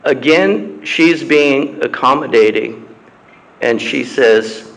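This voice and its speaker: A man preaching a sermon and reading scripture aloud in a slow, measured way, with long pauses and frequent throat-clearing. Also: medium pitch, fairly bright tone, poor audio. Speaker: pastor. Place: church.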